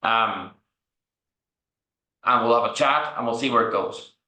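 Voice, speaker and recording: Recorded in a room with noticeable echo, a man from Ireland rambles through candid stories as a podcast guest, often tossing in "right?" His voice is mid-range and sharp, and he takes his time.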